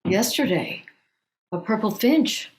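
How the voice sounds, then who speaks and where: An actress playing an uneasy wife at the kitchen table who asks short, wary questions. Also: female voice, mid-range voice, expressive, takes it slowly, roomy sound. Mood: wary questioning. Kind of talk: audio drama acting.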